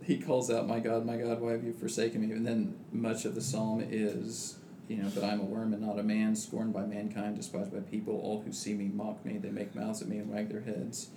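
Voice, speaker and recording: A man's voice: fairly low pitch, level tone, moderate pace, few pauses, dark tone. A man in casual religious discussion who talks thoughtfully with many restarts and reads scripture aloud. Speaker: podcast co-host. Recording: echoey room with background noise.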